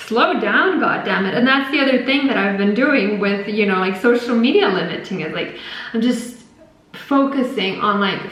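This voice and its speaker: A woman hosting a podcast, talking in a casual, rambling and animated spiritual monologue with lots of fillers. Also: mid-range voice. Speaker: podcast host. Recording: very echoey room.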